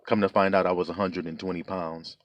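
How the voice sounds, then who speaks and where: A man's voice: deep voice, flat delivery, fairly quick, no echo. Man, earnest testimony, plain-spoken preaching, dry close sound. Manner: earnest, heartfelt storytelling. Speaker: preacher giving a personal testimony.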